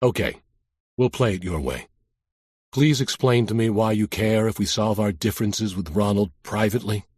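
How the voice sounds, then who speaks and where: A man's voice: on the low side, normal speed, darkish tone, slightly rough, no echo, studio quality. A man voicing an irritable older mobster with a Brooklyn accent and tough street talk. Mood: low, menacing.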